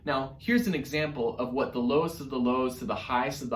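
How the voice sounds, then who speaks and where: A man's voice: medium pitch, a little fast, echoey room, slight background noise. A man teaching an online music lesson to young children in an upbeat, encouraging way, speaking directly to his class.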